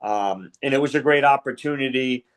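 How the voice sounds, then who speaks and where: A middle-aged wrestling referee, appearing as a podcast guest, tells stories in a casual interview. His voice is medium-pitched and fairly bright, at a normal speed, and he rambles with lots of fillers and retold conversations.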